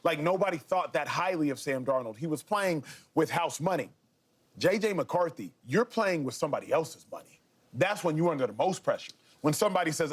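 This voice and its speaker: A man's voice: on the high side, lively intonation, a little fast, husky. A man on a sports debate show, arguing his point emphatically and repeating it for effect.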